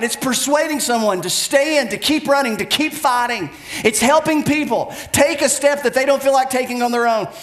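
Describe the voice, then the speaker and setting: A man preaching a sermon with passion, swinging between loud urging and quiet intensity. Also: extremely high pitch, reverberant. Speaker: pastor.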